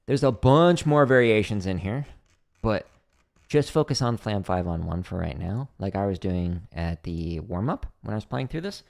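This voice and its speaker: A man's voice: lowish voice, expressive, normal speed, vocal fry, a little mellow. A middle-aged man hosting a drum practice livestream, chatty and explaining exercises step by step with casual fillers.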